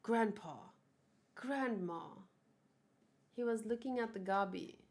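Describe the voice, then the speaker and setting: A woman's voice: a little high, takes it slowly, a little mellow. A woman hosting a casual manga read-along, chatting and musing over the pages as she reads the characters' lines aloud.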